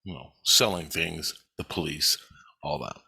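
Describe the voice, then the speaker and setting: A man's voice: very deep voice, a little slow, vocal fry, sharp tone, slightly rough, no echo. A man telling a story in an angry, rambling monologue, swearing often and repeating himself. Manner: profane, agitated, repeats himself.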